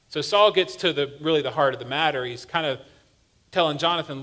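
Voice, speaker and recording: A man's voice: fairly high pitch, fairly quick, fairly bright tone. A male pastor giving a sermon in a church, telling a story in a conversational, humorous way. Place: church sanctuary.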